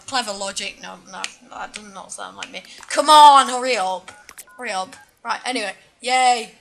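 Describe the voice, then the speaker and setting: Woman chatting over a game, bright highish voice, keeps telling herself off. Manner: chatty, self-mocking, frequent exclamations at the game. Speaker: gaming channel host. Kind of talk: casual let's-play commentary.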